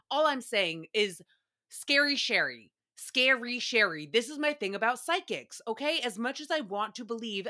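A woman hosting a solo recap podcast, her voice bright and fairly high. She rambles in a chatty, animated way and swears freely. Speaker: podcast host.

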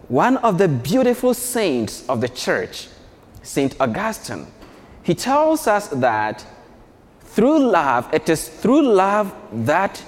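A man, a priest, giving a homily to schoolchildren, leading them in call-and-response in a gentle, animated way. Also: fairly high pitch. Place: large church. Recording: long church reverb.

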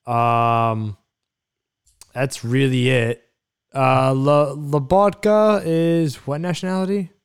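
A man's voice: medium pitch, fairly even intonation, takes it slowly, smooth. A man co-hosting a casual sports podcast, thinking aloud and searching for words as he talks. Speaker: podcast co-host. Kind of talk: casual chat.

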